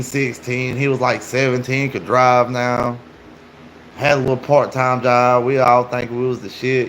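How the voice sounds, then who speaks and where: A man's voice: medium pitch, a little hiss or hum. A man casually telling a story, rambling and filling gaps with "like" and "you know".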